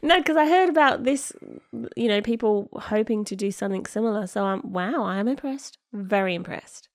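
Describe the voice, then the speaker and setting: A woman's voice: mid-range voice, animated, moderate pace. A woman co-hosting a podcast in casual chat, often laughing while she explains things. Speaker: podcast co-host.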